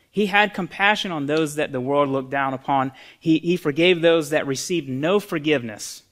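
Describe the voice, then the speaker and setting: A man preaching a sermon as pastor, conversational and earnest, often repeating words as he goes. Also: mid-range voice.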